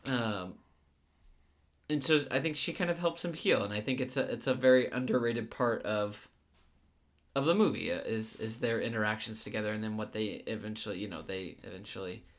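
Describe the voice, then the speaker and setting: A man's voice: on the low side, moderate pace. A man co-hosting a casual podcast, talking about a film in a rambling way with many fillers. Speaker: podcast co-host. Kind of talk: casual movie discussion.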